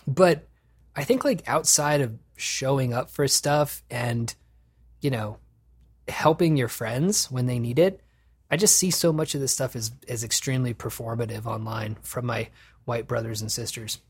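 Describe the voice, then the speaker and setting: Profane, husky-voiced male podcast host. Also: mid-range voice, normal speed. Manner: profane, animated, laughs often. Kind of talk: casual podcast chat.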